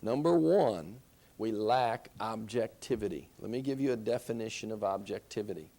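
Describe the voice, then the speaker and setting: A man's voice: on the low side, lively intonation, moderate pace, mellow. Emphatic male counseling lecturer. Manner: emphatic, repeats key phrases, asks rhetorical questions. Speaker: Christian counseling instructor. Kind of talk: classroom lecture.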